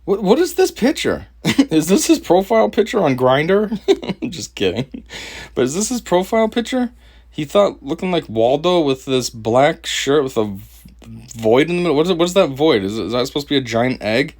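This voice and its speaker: A young man from Connecticut doing a mocking reaction commentary over a video, laughing often and pausing the clip to remark on it. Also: a little high, sing-song, darkish tone. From Connecticut, USA. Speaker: commentary host.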